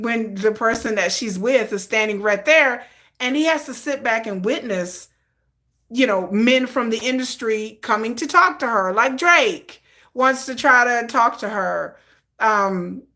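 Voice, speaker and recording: Chatty woman with a slightly high voice. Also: expressive, measured pace, sharp tone. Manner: chatty, rambling, with frequent restarts. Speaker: live stream host. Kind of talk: casual storytelling about her fan fiction.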